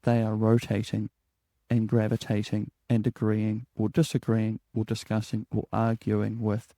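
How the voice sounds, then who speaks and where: A man, an HR coach giving a spoken lesson in a calm, measured way with downward inflections. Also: fairly low pitch, vocal fry, dry recording. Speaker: HR coach and podcast host.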